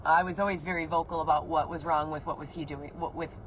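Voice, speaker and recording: Upset woman ranting her story, lowish voice, swears a lot, faint noise behind. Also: steady tone, fast talker, low-quality recording. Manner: agitated, profane, rambling. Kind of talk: emotional personal account.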